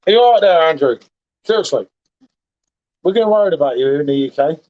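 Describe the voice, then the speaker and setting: Brief: high-pitched man, tipsy, rambling and matey, dull lo-fi stream audio. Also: lively intonation, quick pace. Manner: matey, repeats himself, says "mate" a lot. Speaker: livestream host. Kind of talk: casual chat.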